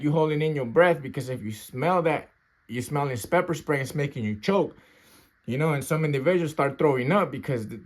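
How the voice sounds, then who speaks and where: Slangy man telling a street story. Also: fairly high pitch. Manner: slangy, street talk, keeps checking in with "right?" and "bro"; acts out sounds and gasps while telling. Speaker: storyteller recounting his youth custody experience. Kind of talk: casual storytelling to camera.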